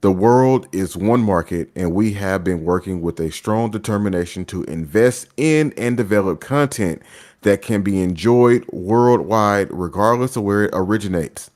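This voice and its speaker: A man with a fairly low voice reads a news article aloud on a podcast. He keeps a steady, measured pace through the long quoted passage. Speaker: podcast co-host.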